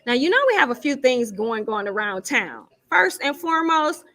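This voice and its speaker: A chatty woman with a slightly high voice, hosting a live show from a lounge studio. She runs through announcements in a loose, self-teasing way and thinks aloud as she goes. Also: expressive, moderate pace, creaky, a bit bright. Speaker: show host. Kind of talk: casual live-stream announcements.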